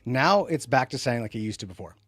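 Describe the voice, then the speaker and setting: A man co-hosting a tech podcast, chatting loosely and rambling from point to point with sarcastic jabs. His voice is mid-pitched and recorded close and dry. Faint music plays underneath. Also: quick pace, no room sound. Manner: animated, rambling, sarcastic asides. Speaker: podcast co-host. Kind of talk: casual tech podcast chat.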